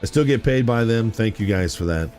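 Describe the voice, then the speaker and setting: Speaking briskly in a lowish voice, a man rambles through stories for viewers on his gaming live stream. He's animated and blurts out reactions, with soft music playing in the background.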